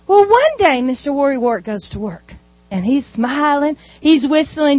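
High-voiced woman preaching. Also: moderate pace, no echo. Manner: animated storytelling with asides. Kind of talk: sermon.

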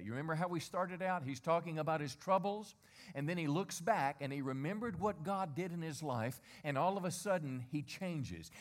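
A man's voice: fairly high pitch, lively intonation, moderate pace. A middle-aged man preaching a sermon as a pastor. He speaks in a conversational way, asks many rhetorical questions and gets the congregation to repeat lines after him.

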